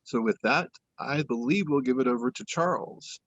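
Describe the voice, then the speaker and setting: A man's voice: medium pitch, moderate pace, fairly bright tone. Guy passing the mic on a video call, muffled lo-fi sound.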